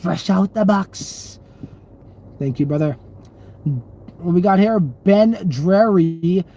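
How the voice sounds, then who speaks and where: A man's voice: high voice, slow, warm tone. Profane, laughing man hosting a livestream. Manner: loose, rambling and profane, laughs often. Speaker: crypto livestream host. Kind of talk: casual livestream chat reading viewer comments.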